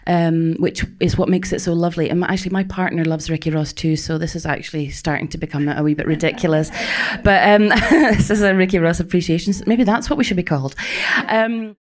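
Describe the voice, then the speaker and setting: A woman's voice: fairly low pitch, brisk, few pauses. A woman chairing a panel talk, chatty and joking as she hands over to a guest. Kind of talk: casual panel chat.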